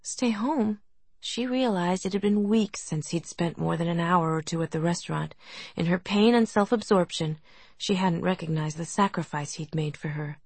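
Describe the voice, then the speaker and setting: A woman reading a novel aloud as audiobook narration, in a soft, gentle manner. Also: on the low side, moderate pace, breathy edge, no room sound. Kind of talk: scripted narration.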